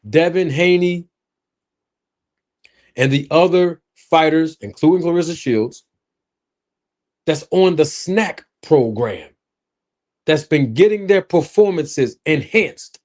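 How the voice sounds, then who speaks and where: A man hosting a live stream, joking and talking straight to his viewers into his own microphone. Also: on the high side. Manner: animated, joking, talks straight to his chat. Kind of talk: casual live stream chat.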